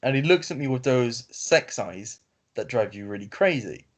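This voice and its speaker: A man's voice: mid-range voice, animated. A man, co-hosting a podcast over a video call, reading a story aloud in casual chat with many fillers and restarts. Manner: reads haltingly with fillers and self-corrections. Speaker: podcast co-host reading stories. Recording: lo-fi call audio.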